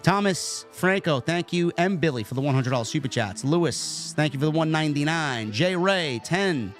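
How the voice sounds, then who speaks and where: A man's voice: on the high side, moderate pace, soft background music. A man hosting a casual wrestling review show, reading super chats and ranting bluntly with plenty of swearing. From New York. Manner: blunt, profane, animated rants.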